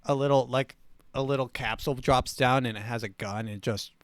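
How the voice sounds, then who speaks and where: A man's voice: medium pitch, fairly even intonation, fairly quick, dry recording. A man hosting a comedy show, reading news items and riffing on them sarcastically. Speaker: show host.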